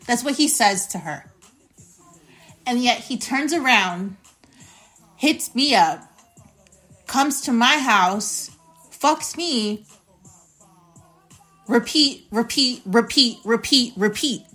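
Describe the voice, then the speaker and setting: A young woman with a bright, ringing voice that sits a little high, telling a story on her podcast. She talks bluntly and indignantly and swears freely. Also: lively intonation, takes it slowly, pauses often, soft background music. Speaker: podcast host.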